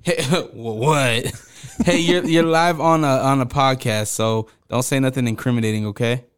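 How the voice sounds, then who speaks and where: A man's voice: mid-range voice, moderate pace, clear, resonant tone. A man hosting a podcast, chatting casually and laughing easily. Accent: Midwestern US. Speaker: podcast host. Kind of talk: casual podcast chat and read ad.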